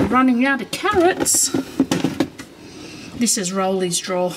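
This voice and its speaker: Slow-talking Australian woman vlogging at home. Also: mid-range voice, big pitch swings, heavy background noise. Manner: chatty, chiding her horse with laughs. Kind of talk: casual vlog chat. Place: outdoors at home with a horse, then indoors.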